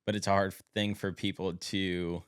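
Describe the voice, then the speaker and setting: A man's voice: sits low, level tone, normal speed, clear, resonant tone, no room sound, clean studio sound. A man co-hosting a podcast, speaking with motivational passion in casual chat and swearing casually. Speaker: podcast co-host.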